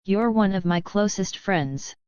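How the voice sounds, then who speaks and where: A woman's voice: mid-range voice, lively intonation, a little mellow, smooth, no echo, lightly acted. A woman voicing a shy, blue-furred young man with a tail who speaks hesitantly. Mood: nervous. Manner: hesitant, halting. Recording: dull, dry sound.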